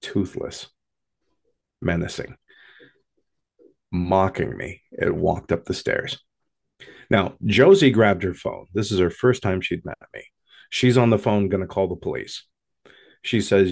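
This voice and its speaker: A man telling a first-person paranormal story in an intense, dramatic way with long pauses. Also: sits low, creaky, slightly rough.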